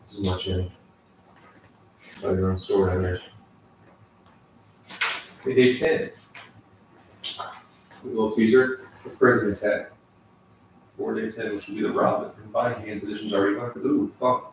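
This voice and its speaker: A man's voice: on the low side, steady tone, normal speed, gravelly, long pauses, background noise. A man vlogging his piano practice, reading lesson text aloud and adding sarcastic asides. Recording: echoey room, mic far off, piano in background.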